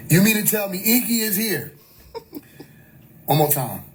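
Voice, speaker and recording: High-voiced man ranting on a livestream. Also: very animated, a little slow, slight background noise. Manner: profane, incredulous, laughing often. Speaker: livestream host. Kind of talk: casual livestream rant.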